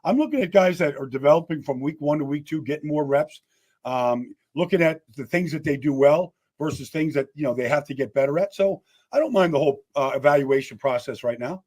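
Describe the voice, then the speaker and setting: Casting: male football analyst guest, thoughtful, slightly higher voice. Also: fairly quick, darkish tone. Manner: thoughtful, repeats words when starting a thought. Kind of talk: interview answers.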